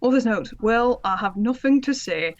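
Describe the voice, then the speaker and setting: A woman's voice: a little high, expressive, normal speed. A woman narrating a comedic reading with sardonic asides and laughter. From Britain. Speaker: podcast co-host and narrator of the reading. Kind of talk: comedic dramatic reading with commentary. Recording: slightly dull lo-fi audio.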